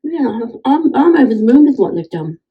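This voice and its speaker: A woman's voice: high voice, sing-song, normal speed, breathy edge, phone-quality sound. A woman at home, chatting enthusiastically about work done on her house, often restarting her sentences. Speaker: homeowner giving a testimonial. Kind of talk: casual chat. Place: at home indoors.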